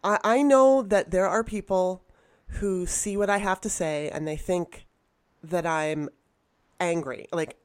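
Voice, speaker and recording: A woman's voice: fairly low pitch, no room sound. A woman in casual conversation, telling a story bluntly and animatedly, swearing as she goes. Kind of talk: casual chat.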